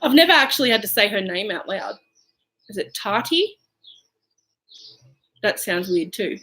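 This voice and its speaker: An Australian woman talks her way through her makeup routine in a loose, chatty ramble. She fills gaps with "um" and "like" and drifts from topic to topic at home. Her voice sits at an ordinary middle pitch for a woman. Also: expressive, fast talker, pushed and bright, rough recording. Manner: chatty and rambling, lots of fillers. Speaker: beauty vlogger. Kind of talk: casual makeup chat.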